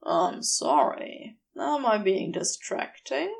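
A woman voicing a flustered, wry male demon with a rough, lowered voice, reading a storybook aloud. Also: very animated, takes it slowly, exaggerated voice.

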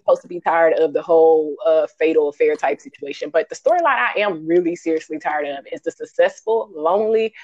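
A woman co-hosting a podcast, reviewing a film in casual chat, animated and ranting, acting out quotes in high voices. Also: brisk, hardly any pauses, dull audio. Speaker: podcast co-host.

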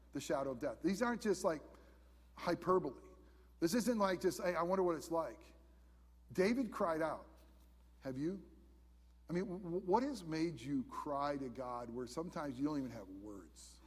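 A man preaching a sermon as a pastor, emphatic, swinging from loud exclamations to soft, quiet questions, with many restarts. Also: high voice, long reverb tail.

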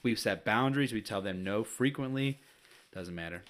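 A man's voice: fairly low pitch, normal speed, a bit bright. A young adult man co-hosting a podcast, telling a family story in casual chat, swearing freely and acting out what family members said. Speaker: podcast co-host.

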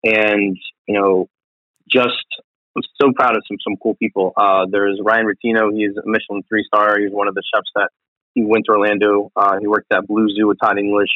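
A man's voice: on the low side, flat delivery, brisk, no room sound. A man, a chef, chatting casually as a guest, rambling with many fillers and restarts. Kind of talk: casual interview chat. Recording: tinny phone-like dry sound.

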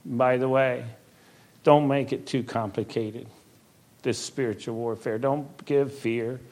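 A man's voice: mid-range voice, steady tone, darkish tone. Older guy, minister type, chatting about faith, earnest, laughs a lot, drags out the big words. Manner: earnest storytelling, laughs easily, slows for emphasis. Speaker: Christian minister. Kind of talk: conversational faith talk.

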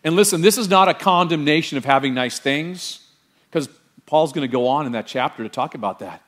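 High-voiced pastor preaching a lively sermon. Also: male voice, a little fast. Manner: animated, quizzes the congregation with rhetorical questions.

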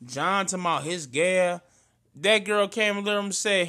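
A man's voice: sits high, moderate pace, bright, forceful tone. A man telling a heartfelt story in casual slang to a close friend. He is tearful and earnest. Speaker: friend in conversation.

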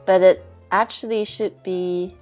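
A woman's voice: medium pitch, fairly even intonation, a little slow, a little mellow, faint music behind. A woman co-hosting a bilingual lesson, explaining pronunciation patiently and checking in with her listeners. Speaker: English pronunciation teacher, co-host.

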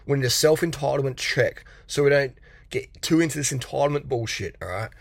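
A man's voice: mid-range voice, fairly quick, vocal fry. A middle-aged man giving a blunt, profane motivational rant as a coach, mocking and laughing often. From Australia.

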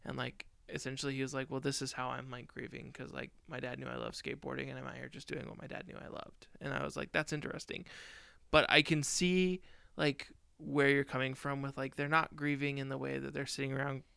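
A man's voice: medium pitch, level tone, fairly quick, creaky, pushed and bright, clear, resonant tone, no room sound. A man co-hosting a podcast, talking through a film review in casual chat, rambling with lots of fillers. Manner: rambling, lots of "like" fillers, tells personal stories. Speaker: podcast co-host.

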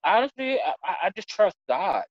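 A man giving an emotional personal testimony in conversation, earnest and halting, stumbling over restarts and near tears. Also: high-pitched, big pitch swings, husky, no room sound, lo-fi sound. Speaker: church member sharing his story.

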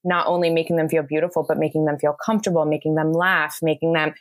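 A woman's voice: sits low, fairly even intonation, quick pace. A woman, a bridal makeup artist from the United States, talking in a casual, effusive way as a podcast guest. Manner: effusive, talkative, laughs often. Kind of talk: casual interview chat.

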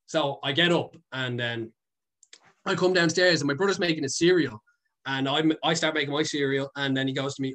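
Rambling through a casual story full of fillers and curse words, a young guest who makes content laughs often. His voice is on the high side, a bit bright, and fairly quick.

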